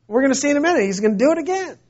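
A man's voice: very high voice, animated, racing, darkish tone. A man preaching a sermon in a conversational storytelling way, often restarting his phrases. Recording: dull lo-fi recording.

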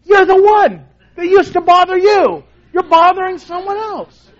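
A man with a high voice preaches a sermon in a casual, conversational way. He often sinks to a soft, hushed tone to stress a point. The recording sounds a little muffled. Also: expressive, a little slow. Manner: conversational preaching, dropping to a soft low voice for emphasis. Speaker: pastor.

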